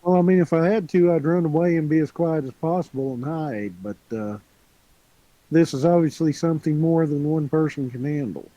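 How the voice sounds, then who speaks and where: A man with a very mellow, dark-toned voice, a little higher than most men's, playing a tabletop game. He speaks hesitantly and softly with halting pauses. The sound is dry and close. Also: no room sound, rough recording. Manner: hesitant, soft-spoken, halting with fillers. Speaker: player. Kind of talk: tabletop role-play.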